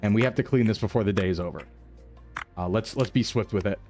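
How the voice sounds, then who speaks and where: A man streaming a repair simulator, chatting casually and thinking aloud with excitable bursts. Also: fairly low pitch, fast talker, faint music behind. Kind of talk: casual game commentary.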